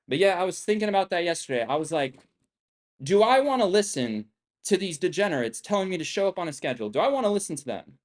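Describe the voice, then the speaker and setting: A young man hosting a trading live stream, ranting with constant swearing, boastful and combative, firing off the same rhetorical questions again and again. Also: fairly high pitch. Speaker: trading livestream host. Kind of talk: profane live-stream rant.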